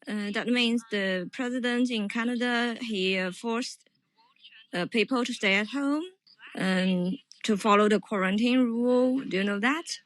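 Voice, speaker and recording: A woman whose first language is Chinese, calling in to practice English with hesitant pauses and lots of ums. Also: a little high, no room sound. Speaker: caller. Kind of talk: casual English practice chat.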